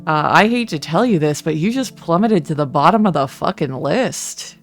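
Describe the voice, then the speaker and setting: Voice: medium pitch, animated, normal speed. A streamer with a Canadian accent who chats casually while playing a game, swearing and joking. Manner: chatty, self-mocking, swears. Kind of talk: let's-play commentary and reading. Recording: soft music behind.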